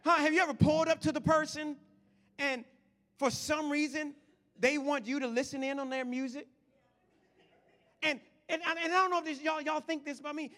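A man preaching a lively sermon to his congregation, swinging from shouts to quiet asides. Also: very high voice, fairly quick, pauses often. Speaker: pastor. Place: church sanctuary. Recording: long hall reverb.

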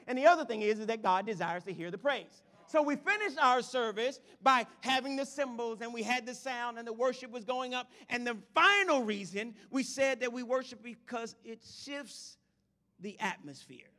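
A man preaching a lively sermon to his congregation, swinging from shouts to quiet asides. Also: very high-pitched. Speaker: pastor. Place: church sanctuary. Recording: long hall reverb.

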